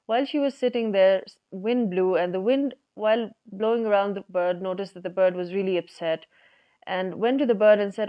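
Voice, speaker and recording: Woman storyteller, relaxed, conversational, folk tale, smooth voice, dull lo-fi recording. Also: mid-range voice, a little fast. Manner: relaxed, conversational, many fillers.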